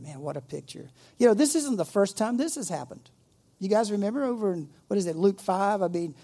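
A man's voice: high-pitched, dark tone. A middle-aged man preaching a sermon, reading scripture aloud and breaking off into playful jokes and asides. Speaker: pastor.

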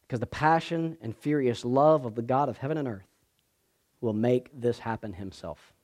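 A man preaching a sermon as pastor, moving from hushed, slow passages to loud, emphatic ones. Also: mid-range voice.

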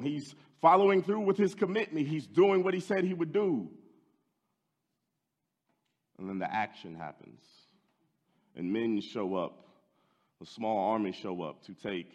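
A man preaching a sermon, telling the story with drama and swinging from loud to hushed. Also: mid-range voice, big-room sound.

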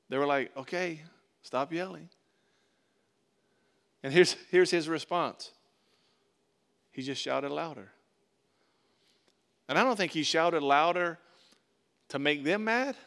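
A pastor delivers a conversational sermon, his voice pitched slightly high for a man. He leans into emphatic, louder phrases, then drops into quiet, intimate asides. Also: creaky, clean tone. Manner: conversational preaching, rising to emphatic bursts then dropping soft.

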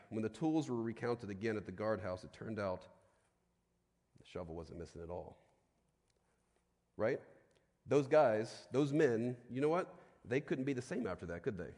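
A man preaching a sermon in a conversational way, often asking "right?", and dropping to a quiet, slow voice for solemn points. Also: mid-range voice. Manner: conversational preaching with frequent tag questions. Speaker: pastor. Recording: long hall reverb.

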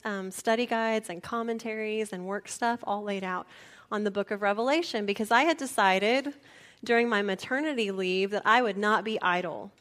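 A woman pastor preaches a heartfelt sermon. Her voice sits at an everyday middle pitch. She talks in a confessional way and softens to a near whisper when the story turns tender.

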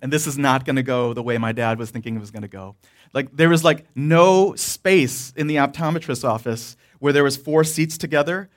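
A man's voice: mid-range voice, normal speed. A man preaching a sermon, telling a personal story with laughing asides and frequent restarts. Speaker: pastor.

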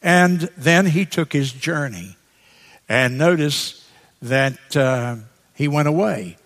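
A man preaching a sermon that works through a scripture passage, speaking deliberately and repeating key words for emphasis. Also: a little high, a bit bright. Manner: slow, deliberate, emphatic repetition. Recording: long hall reverb.

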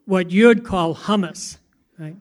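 Male preacher, high voice, conversational, asks the congregation questions. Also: measured pace. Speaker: pastor. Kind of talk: sermon.

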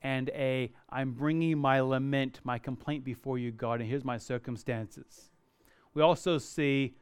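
A man preaching a sermon earnestly, moving between lively emphasis and quiet, reflective passages. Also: on the high side, clean tone, no room sound, studio quality.

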